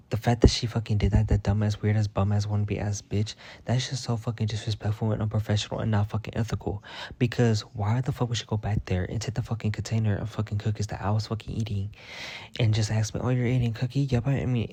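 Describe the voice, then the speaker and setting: A man's voice: fairly low pitch, warm tone, slightly rough. A man telling a workplace story in a casual, heated rant, swearing constantly and sounding fed up. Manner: profane, heated and exasperated. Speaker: vlogger.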